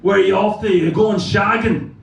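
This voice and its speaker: A man's voice: sits high, fairly even intonation, normal speed, gravelly, echoey room. Boastful male taxi driver, voiced by a comic, chatty, heard from a distance, faint noise.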